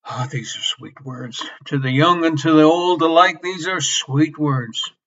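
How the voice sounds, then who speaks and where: Male preacher, fairly high and bright voice, slow and impassioned, repeats phrases, lo-fi sermon recording. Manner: impassioned, swinging between loud emphasis and soft near-whispers; repeats key phrases for emphasis. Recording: slightly dull lo-fi sermon recording.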